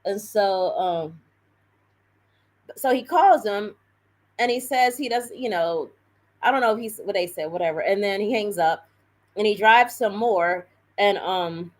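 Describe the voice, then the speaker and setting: Woman rambling thru a story on her live stream, lots of um and like, mid pitch. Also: normal speed, low-quality recording. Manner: rambling, animated retelling with many fillers and self-corrections. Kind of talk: casual storytelling.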